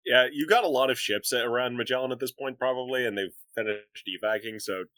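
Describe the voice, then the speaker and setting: A man's voice: mid-range voice, fast talker, a bit bright. A man playing a tabletop game, chatting casually and laughing often. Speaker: player.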